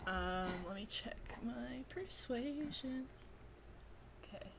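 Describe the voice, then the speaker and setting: A woman's voice: a little high, animated, very slow, gravelly, background noise. A woman playing a tabletop game, talking casually and giggling often. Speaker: player.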